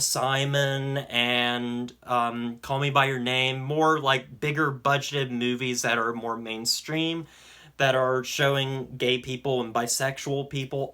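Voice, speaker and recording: Slow, bright-voiced young man reviewing a film. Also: medium pitch. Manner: enthusiastic, earnest, with frequent "um" pauses. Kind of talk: casual spoken film review.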